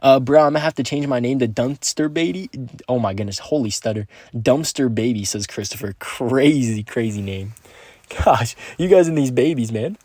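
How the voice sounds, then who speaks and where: A man's voice: medium pitch, moderate pace, warm tone, no room sound. Chill young dude streaming a game, reads chat, hypes his plays, medium voice, dry sound. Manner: laid-back, upbeat, slangy, talks to chat. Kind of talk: live-stream gameplay commentary and chat reading.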